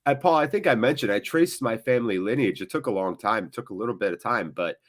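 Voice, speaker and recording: A man's voice: on the low side, expressive, quick pace. A man hosting a live football watchalong stream, chatting casually with viewers in a rambling, jokey way.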